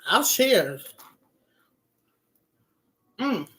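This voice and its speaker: A woman chatting casually on a live stream, shifting between bright greetings and quiet murmurs. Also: on the high side, sing-song, drawn-out words.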